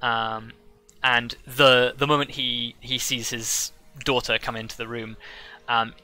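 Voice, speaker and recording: A man narrating as game master of a tabletop game, halting often with fillers and restarts. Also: medium pitch, flat delivery, pushed and bright.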